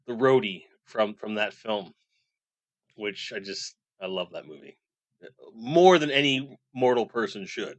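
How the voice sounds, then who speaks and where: Bright-voiced man in his forties streaming. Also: mid-range voice, expressive, a little slow, long pauses, no echo. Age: 40s. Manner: reads chat aloud and rambles. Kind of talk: casual live stream chat.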